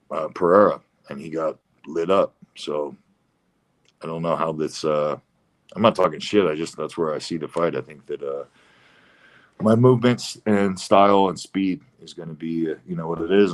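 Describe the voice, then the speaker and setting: Man, very low voice, blunt, halting with fillers, casual interview guest. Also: steady tone. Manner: halting, many fillers and restarts, blunt, swears. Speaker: professional fighter, guest.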